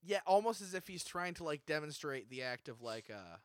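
A man's voice: a little high, sing-song, fairly quick, no room sound, studio quality. A man co-hosting an improvised comedy podcast, stammering and exasperated as he banters with his co-host.

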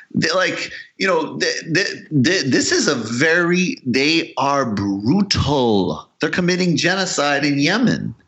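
A man's voice: on the high side, fairly bright tone. A man in casual political chat, rambling and profane with lots of fillers. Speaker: political commentator. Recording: dull lo-fi audio.

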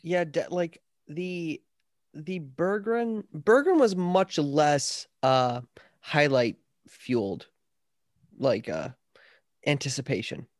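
A man's voice: a little high, lively intonation, slow, dry recording, studio quality. A man co-hosting a sports podcast, talking casually and enthusiastically. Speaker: podcast co-host.

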